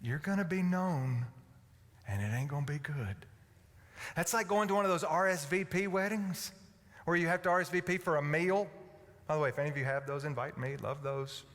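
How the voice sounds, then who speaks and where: A man from Alabama, preaching a folksy, humorous sermon that swings from loud to hushed. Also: on the high side, a little fast. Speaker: pastor. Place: church sanctuary. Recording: echoey church hall.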